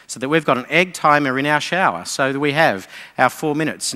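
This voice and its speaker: Bright-voiced Australian man speaking in a hall. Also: medium pitch. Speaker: keynote speaker. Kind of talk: conference speech. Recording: long reverb of a conference hall.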